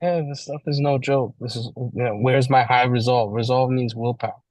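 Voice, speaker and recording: Slangy animated man leading a study. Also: mid-range voice, normal speed, no room sound, rough recording. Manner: animated, slangy, acts out scenarios. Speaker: study group co-leader. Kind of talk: casual recovery-meeting share.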